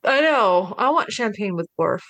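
A woman's voice: medium pitch, lively intonation, moderate pace, a bit bright. A woman co-hosting a podcast, recapping an episode in a playful, chatty way with lots of fillers, over a video call. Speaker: podcast co-host. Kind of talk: casual chat recapping an episode.

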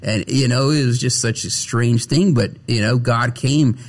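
A man's voice: medium pitch, a little slow. A man telling his personal faith testimony as an interview guest, earnest and often repeating words as he searches for them.

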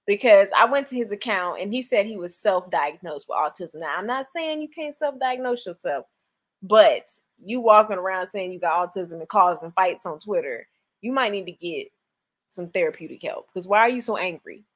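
Co-hosting a casual podcast chat, a woman recaps reality TV in a blunt, profane way, tossing in mocking put-on quotes. Her mid-range voice is animated and moves at a moderate pace.

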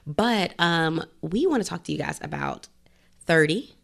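This woman in her thirties has a lowish, gravelly voice. She talks through a casual podcast chat in a blunt, profane, animated way and laughs easily. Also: measured pace. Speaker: podcast co-host.

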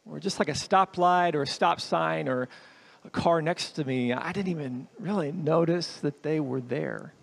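A man giving a sermon as a guest preacher, telling the story with lively shifts in loudness and emphasis. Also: on the high side, normal speed, gravelly.

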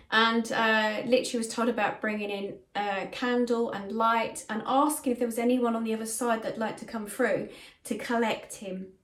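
A woman's voice: a little high, fairly even intonation, normal speed. Middle-aged woman in an echoey room. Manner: earnest, conversational, with frequent fillers. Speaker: spiritual medium. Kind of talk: casual first-person storytelling. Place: bedroom in a home.

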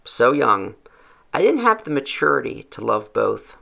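Gravelly male storyteller, bright edge. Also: mid-range voice, big pitch swings. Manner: measured, reflective storytelling. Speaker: narrator. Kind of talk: reading a first-person story aloud.

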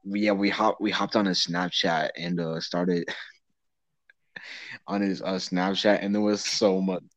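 A man's voice: deep voice, flat delivery, slow, fairly bright tone, no echo. A teenage boy hosting a casual podcast with friends, rambling, laughing and swearing as he talks. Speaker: podcast host. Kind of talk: casual chat among friends. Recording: dull muffled lo-fi sound.

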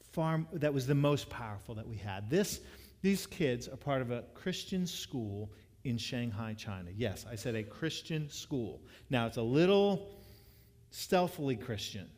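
A man's voice: medium pitch, lively intonation, moderate pace, a little mellow, long reverb tail. A man preaching a sermon, telling a story in a conversational way with frequent restarts. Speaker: pastor.

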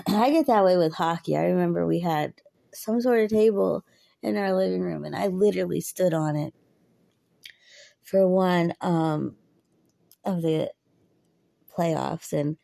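A woman's voice: fairly low pitch, slow pace, vocal fry, long pauses, warm tone, no echo, clean studio sound. A woman in her thirties talking earnestly and chattily about faith and waiting, often laughing. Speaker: podcaster. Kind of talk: personal faith talk.

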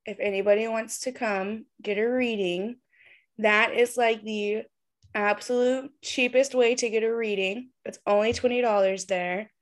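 Brief: bubbly woman podcast host on a video call, bright higher voice, unhurried delivery, laughs a lot. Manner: giggly, animated, laughs often. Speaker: podcast co-host and tarot reader. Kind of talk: casual chat.

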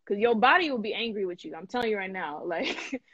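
A woman hosting a live stream in casual chat, animated and emphatic, laughing often and full of slang. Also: mid-range voice, fast talker, slightly rough, no echo, muffled recording. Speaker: host.

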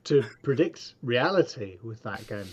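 A dry, self-deprecating man from England chats as a podcast guest, hesitating often with ums and false starts. His voice sits at a middling pitch. The audio comes through dull and lo-fi. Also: lively intonation, measured pace, a little mellow, husky. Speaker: guest, comedy video maker. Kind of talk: casual podcast chat.

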